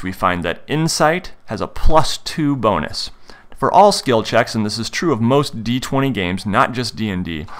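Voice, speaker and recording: A man hosts a tutorial on playing a tabletop game, explaining the rules as game master and acting out his character in the first person. His voice is lowish and a bit bright.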